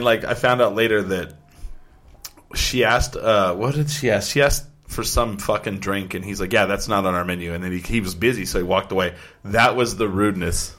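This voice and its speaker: A man's voice: on the low side, bright, forceful tone. A man co-hosting a casual chat show, telling loose, profane stories and acting out other people's lines. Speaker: podcast co-host.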